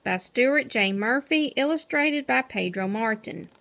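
A woman reads a children's picture book aloud, her high voice rising and falling with lively expression. She takes her time, and her tone is bright and clear. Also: measured pace. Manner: expressive, storytelling. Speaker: narrator.

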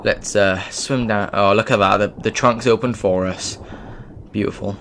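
A man gives chatty let's play commentary over his game, wandering between topics and breaking into sudden exclamations. His voice sits a little low. A faint hiss runs behind it. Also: steady tone, moderate pace, a bit bright. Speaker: gaming YouTuber.

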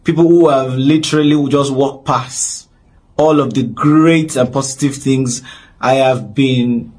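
A man's voice: mid-range voice, steady tone, measured pace, darkish tone. A man from Nigeria speaking straight to camera in an earnest, pleading apology, repeating himself often. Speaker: public figure addressing his audience. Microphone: camera-facing recording.

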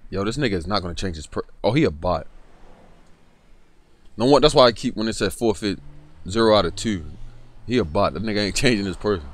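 A young man, commentating his own basketball video game, cursing and yelling at teammates. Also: on the low side, a little fast, long pauses, dry recording. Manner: profane, excitable, yells at teammates. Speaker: gaming YouTuber. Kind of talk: live gameplay commentary.

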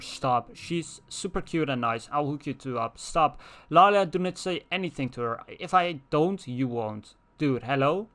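Young male gamer, reads chat messages aloud with profane asides; voice a touch high. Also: animated, a little slow, a bit bright. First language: Dutch. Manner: reads in-game text messages aloud, cursing, switching to Dutch asides. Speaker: let's player. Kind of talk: casual gameplay commentary.

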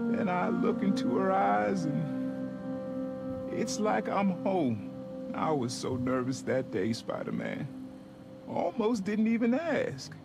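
An actor playing a gentle, wistful old grandfather in a video game, with a soft-spoken, gravelly voice. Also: high voice, full character voice. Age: older. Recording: game audio with loud music underneath.

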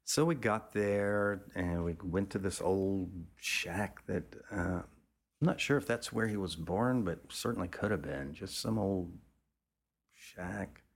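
A man's voice: takes it slowly, creaky. A man, a photographer, telling a casual, rambling story with frequent restarts and the odd swear word. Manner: acts out other people's lines in a raised pitch.

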